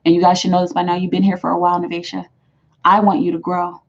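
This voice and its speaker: A woman's voice: lowish voice, completely flat delivery, fast talker, dull audio. A woman giving a live tarot reading to her viewers, emphatic and affectionate, repeating her phrases for weight. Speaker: tarot reader.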